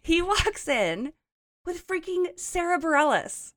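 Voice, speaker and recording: A woman in her thirties co-hosting a casual podcast, gushing through stories with lots of "like", her voice a bit hoarse after a late night. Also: very high voice, big pitch swings, slow, a bit bright, no echo, studio quality. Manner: bubbly, gushing storyteller with lots of "like". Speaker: podcast co-host. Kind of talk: casual chat.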